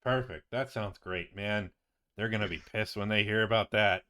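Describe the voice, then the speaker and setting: A man voicing a chatty, excitable male wizard ally who rambles on in a tabletop game. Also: fairly low pitch, moderate pace, clear, resonant tone. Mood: excited.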